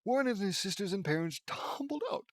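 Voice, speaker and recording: A man's voice: sits high, sing-song, a little fast, no room sound. A man reading a fan-fiction audiobook aloud, stumbling over words and breaking in with sarcastic asides.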